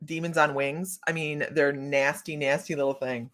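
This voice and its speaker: A woman's voice: deep voice, fairly even intonation, moderate pace, a bit bright. A woman from Ohio hosting a psychic reading livestream, chatting casually with viewers by name and laughing often as she reads cards. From Ohio, United States. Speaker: psychic reader and livestream host.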